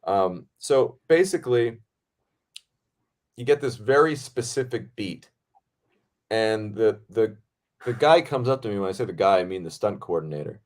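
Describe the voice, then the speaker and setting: A man hosting a podcast, telling a set story in a casual, animated way, with frequent swearing and fillers. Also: fairly low pitch, normal speed, long pauses. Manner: animated, profane, lots of fillers. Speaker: podcast host.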